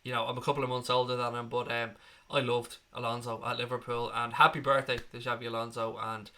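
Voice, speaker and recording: A man's voice: mid-range voice, level tone, fast, bright, forceful tone. A man in his thirties with an Irish accent, hosting a live football fan stream in a chatty, blunt way, reading out viewer comments. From Ireland. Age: 30s. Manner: chatty, blunt, swears freely. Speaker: fan channel host.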